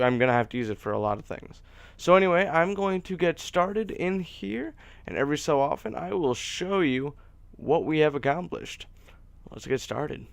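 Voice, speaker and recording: A man's voice: medium pitch, vocal fry, clear, resonant tone, dry recording. A man giving casual, chatty commentary over his own gameplay as host, rambling a little and poking fun at himself. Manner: chatty, rambling, self-deprecating. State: hiccups. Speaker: let's play host.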